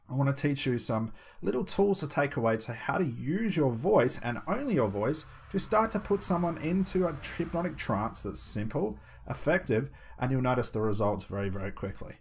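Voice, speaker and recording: A man with a husky, slightly breathy voice gives a lesson on hypnosis. He speaks at an ordinary pitch and drops into a slow, measured delivery with deliberate pauses when he demonstrates a technique. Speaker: hypnosis instructor. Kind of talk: instructional talk.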